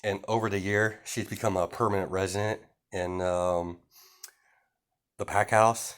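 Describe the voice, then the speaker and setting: Brief: lower-voiced guy, casual rambling fan storytelling, lots of fillers. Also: steady tone, a little slow, a bit bright, smooth. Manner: rambling, many fillers, chuckles often.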